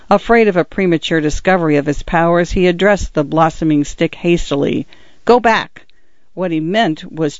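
A man reads a story in a measured, steady way. His voice sits a little high. The recording is dry and slightly dull. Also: no echo. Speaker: narrator. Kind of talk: scripted audiobook narration. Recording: dry, somewhat muffled recording.

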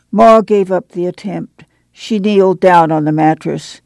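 Seorang wanita membacakan narasi buku audio dengan tempo terukur. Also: female voice, lowish voice, a little slow, creaky, mellow, no echo. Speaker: audiobook narrator. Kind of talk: scripted narration.

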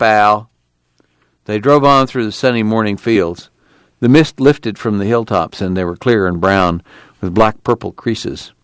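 A man narrating an audiobook in a steady, plain storytelling manner. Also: on the low side, no room sound. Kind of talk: scripted narration.

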